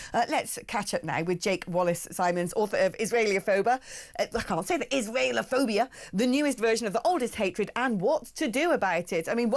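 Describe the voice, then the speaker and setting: A woman hosting a radio talk show, speaking in a brisk, indignant way with sarcastic asides. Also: medium pitch.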